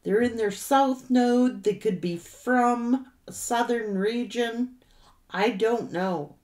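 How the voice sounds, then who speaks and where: A woman giving a tarot reading to her audience, speaking straight to the viewer with drawn-out remarks and sudden exclamations. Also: a little high, darkish tone. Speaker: tarot reader.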